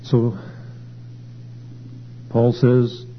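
A man's voice: completely flat delivery, very slow. Emphatic preacher man, lo-fi hum. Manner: emphatic, swells louder and higher on key points. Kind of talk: sermon. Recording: dull lo-fi recording with faint hum.

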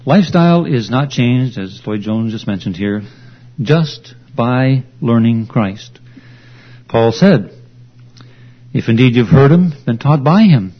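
A man preaching an expository sermon, slow, deliberate and emphatic as he teaches. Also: mid-range voice, breathy edge. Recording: dull lo-fi recording.

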